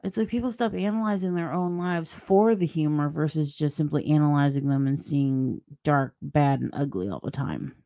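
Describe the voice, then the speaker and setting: Woman podcast host: low, gravelly, dark tone, blunt sarcastic rambling monologue. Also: no room sound. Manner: mocking put-on voices when quoting people. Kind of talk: opinionated solo podcast monologue.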